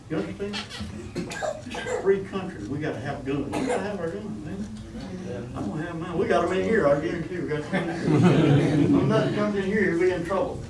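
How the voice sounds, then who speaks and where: A man's voice: a little high, recorded from a distance. A man preaching a folksy sermon, calling out for amens from the congregation. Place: church. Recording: echoey church room, mic from afar.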